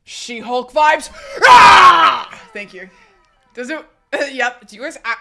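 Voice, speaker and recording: A young woman streaming live, chatting casually in a giggly, chaotic way with loud outbursts. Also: a little high, measured pace, background noise.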